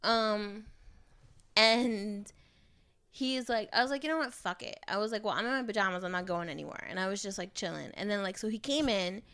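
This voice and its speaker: Bright-voiced woman, blunt and profane. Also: medium pitch, moderate pace, smooth, no echo. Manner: candid, profane storytelling with acted-out quotes. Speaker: podcast co-host. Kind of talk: casual chat.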